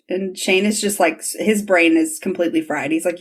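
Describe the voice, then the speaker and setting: Animated woman podcast host. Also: on the low side, brisk, few pauses, slightly rough. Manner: animated, acts out characters' lines in quotes. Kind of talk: casual chat, retelling scenes and reading book passages.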